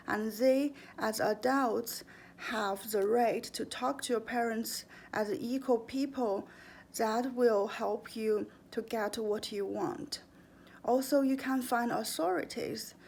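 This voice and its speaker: Brief: young woman vlogger, slow and deliberate, gravelly voice, earnest advice. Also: fairly high pitch, a little hiss or hum. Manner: calm, earnest, deliberate, with fillers and slips. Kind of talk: casual advice monologue.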